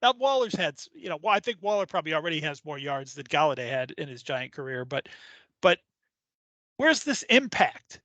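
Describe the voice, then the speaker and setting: A man with a high, bright voice talks sports on a podcast. He is conversational and easygoing. The recording is dry and close. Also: big pitch swings, brisk, no echo, muffled recording. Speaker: podcast co-host. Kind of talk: casual podcast chat.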